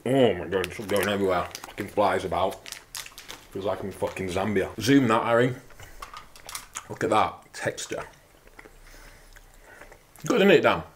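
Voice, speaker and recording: A man's voice: lowish voice, moderate pace, long pauses, a little hiss or hum. A young man hosting a fitness channel, cracking crude jokes and swearing through a casual product review. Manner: crude, joking, heavy swearing.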